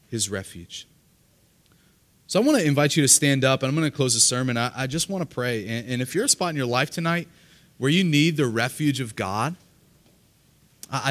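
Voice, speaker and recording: A man's voice: mid-range voice, fairly bright tone. A male pastor preaching to a live congregation in an earnest way, often repeating words as he starts a sentence. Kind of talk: sermon. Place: church service, live congregation.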